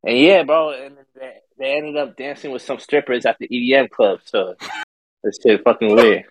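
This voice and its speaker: A man's voice: medium pitch, fairly even intonation, normal speed, no echo, poor audio. A young man telling a long, profane story to friends in a casual, rambling way, stumbling over and repeating words. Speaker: podcast storyteller.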